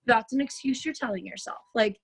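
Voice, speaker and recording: A woman's voice: on the high side, brisk, gravelly, a little hiss or hum, rough recording. A woman fitness coach giving an upbeat motivational talk over a video call, chatty and peppy, often tossing in "like" and "right?". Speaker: fitness coach speaking at a virtual brunch.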